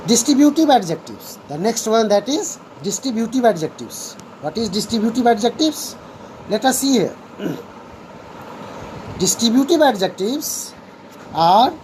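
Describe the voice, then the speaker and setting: A woman's voice: mid-range voice, darkish tone, slight background noise, rough recording. A woman teaching a grammar lesson to students, going over each definition again and again and returning often to "here" and "so students". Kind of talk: slow classroom lesson.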